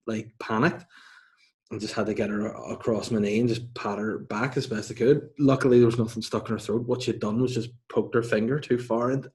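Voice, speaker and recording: A man's voice: lowish voice, steady tone, fairly quick, darkish tone. A man in his thirties hosting a podcast, telling rambling, self-mocking stories in casual chat. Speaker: podcast host.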